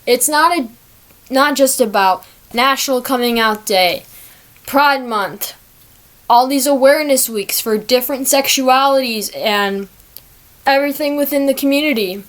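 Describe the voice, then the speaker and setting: A young woman talking on her own podcast, her voice sitting a little high. She takes her time, rambling casually and poking fun at herself. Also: measured pace, a bit bright. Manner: chatty, rambling, self-deprecating. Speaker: podcast host. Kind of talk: casual solo podcast monologue.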